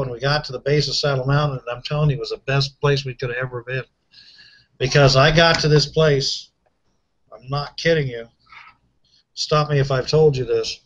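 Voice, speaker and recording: A man's voice: mid-range voice, steady tone, normal speed, fairly bright tone, poor audio. A man hosting a casual conversation, telling a long story in a chatty, rambling way with frequent restarts.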